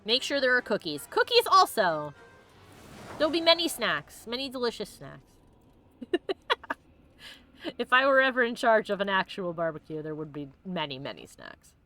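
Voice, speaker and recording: A woman's voice: medium pitch, very animated, moderate pace, long pauses, bright, forceful tone, soft background music. A woman streamer giving casual gameplay commentary, bubbly and joking, laughing often and acting out the characters' lines. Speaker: let's play streamer.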